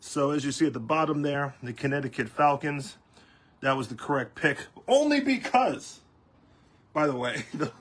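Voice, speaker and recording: A man's voice: on the high side, lively intonation, normal speed, fairly bright tone. A man hosting a casual sports talk show, rambling along with lots of ums and restarts. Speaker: host.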